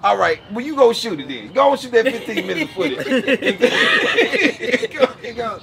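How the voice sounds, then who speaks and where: A man's voice: extremely high pitch, very animated, a little slow, vocal fry, over a noisy crowd. A man, a comedian guest, telling stories in a radio interview, laughing often and acting out other people's voices. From Texas. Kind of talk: animated storytelling in a radio interview. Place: live outdoor broadcast with a crowd.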